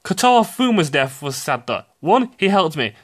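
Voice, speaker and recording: A young man giving profane, ranting commentary on video games, excitable and quick to burst out shouting. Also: on the high side. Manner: excitable, swears often, sudden shouty outbursts. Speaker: gaming commentator.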